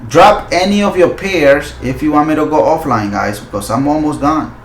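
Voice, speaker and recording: Man, forex stream host, excitable, loud hype bursts, non-native phrasing, slightly high voice, roomy echo. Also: normal speed, slight background noise. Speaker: forex trading channel host. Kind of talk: live market analysis stream.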